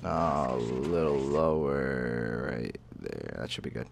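A young man casually commentating his own tank gameplay, excitable and profane, often jumping into loud outbursts. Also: rumbling low, slow, vocal fry. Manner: excitable, profane, bursts into shouts. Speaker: gaming channel host. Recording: faint game noise behind. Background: game artillery and battle noise.

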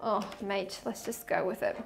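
A woman's voice: medium pitch, fairly even intonation, normal speed, creaky, soft background music. A woman giving a casual tarot reading to camera, chatty and effusive, often laughing and trailing off mid-sentence. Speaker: tarot reader.

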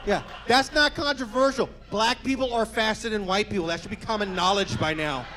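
A male stand-up comedian with an energetic, profane delivery, doing a set for a live audience and slipping into quick character voices. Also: sits high, background noise.

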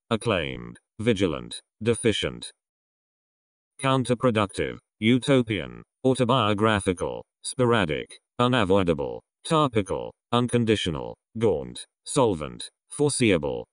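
A man with a low, deep voice reads English vocabulary aloud one word after another. His intonation swings widely, and he lets his pitch fall at the close of each group of words. The sound is dry and close, with no room echo. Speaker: vocabulary list reader. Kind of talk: reading a word list aloud.

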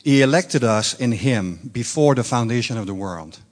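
A man from Quebec preaches in English, his native French showing through a Quebec French accent. His sermon is loose and conversational, with playful asides to the crowd and sudden rises of enthusiasm. His voice sits at a middle pitch for a man. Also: lively intonation, normal speed. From Quebec, Canada. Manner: chatty, joking asides, bursts of enthusiasm. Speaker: guest minister. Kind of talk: informal sermon. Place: church meeting on stage.

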